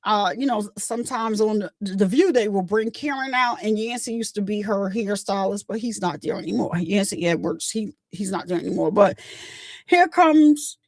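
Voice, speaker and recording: A woman's voice: mid-range voice, normal speed, dry recording. A middle-aged woman hosting a livestream, telling rambling stories in casual chat and talking straight to her viewers. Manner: rambling, chatty, addresses viewers directly. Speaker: channel host.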